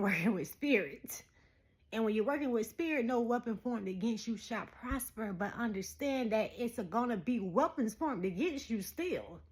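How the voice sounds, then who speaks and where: A woman in her thirties talking straight to her viewers in a casual spiritual message, animated and preachy, laughing often. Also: on the high side. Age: 30s. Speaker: spiritual vlogger.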